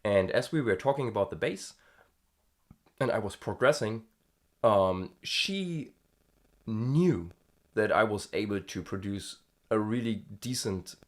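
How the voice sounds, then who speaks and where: Guy coaching screams, chill and chatty, slow-talking, kinda low voice. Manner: relaxed, chatty, demonstrates twanged vowels. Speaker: scream vocal coach and vlogger. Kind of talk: casual video lesson with vocal demos.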